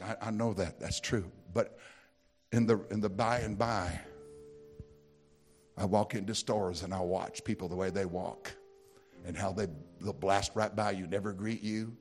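A man's voice: on the low side, moderate pace. Folksy, emphatic American preacher man with music behind. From United States. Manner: folksy storytelling, rising to loud emphatic preaching. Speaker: pastor. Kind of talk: sermon.

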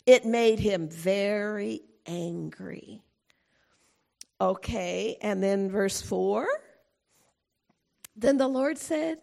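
A middle-aged woman preaching a sermon in an animated way, acting out quotes and laughing often. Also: on the high side, takes it slowly, gravelly.

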